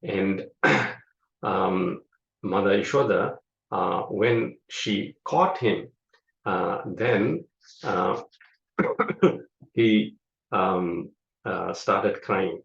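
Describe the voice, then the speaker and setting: A man teaching a scripture class, explaining slowly with many fillers. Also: low-pitched, gravelly, a bit bright. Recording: echoey room, dull lo-fi sound.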